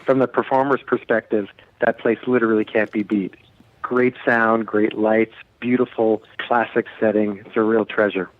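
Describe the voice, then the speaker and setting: A man's voice: on the low side, level tone, normal speed, dry recording. A man talking as a guest musician in a casual radio interview, chatty and joking, heard over a phone line.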